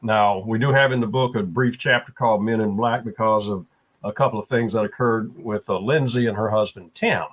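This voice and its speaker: A man's voice: on the low side, steady tone, a little fast, dull audio. A man talking as a guest, telling a story at an easy pace with frequent fillers. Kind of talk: casual conversation.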